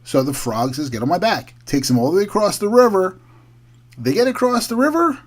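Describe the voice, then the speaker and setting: A man's voice: high-pitched, very animated, fairly quick. A man hosting a heated, combative political commentary monologue. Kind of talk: opinionated podcast monologue.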